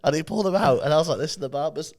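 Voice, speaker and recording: A man co-hosting a podcast, bantering quickly with lots of laughter. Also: on the high side, expressive, darkish tone. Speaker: podcast co-host. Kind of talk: casual chat.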